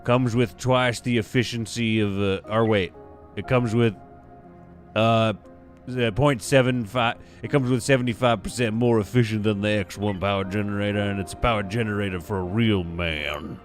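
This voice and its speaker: A man voicing a gruff rural male truck-ad announcer with a folksy drawl and a booming hard-sell pitch. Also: steady tone, moderate pace, faint music behind, natural voice. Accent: rural country drawl.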